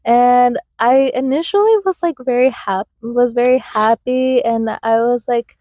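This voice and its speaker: A woman's voice: on the high side, a little slow, warm tone, no room sound. A young woman hosting a podcast, telling personal stories in a rambling way with many fillers and restarts. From United States, Mexican family. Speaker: podcast host. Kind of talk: casual reflective storytelling.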